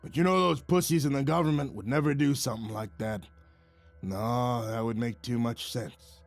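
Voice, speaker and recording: A man voicing a gruff, blunt and crude heavy-set male boss. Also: mid-range voice, normal speed, faint music behind, close to an everyday voice.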